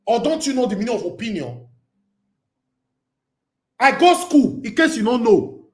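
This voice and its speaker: A man's voice: very high-pitched, sing-song, fast talker. Heated Nigerian man hosting a call-in. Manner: heated, ranting, mixes Pidgin and English. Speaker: talk show host. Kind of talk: live-stream commentary and call-in. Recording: roomy echo.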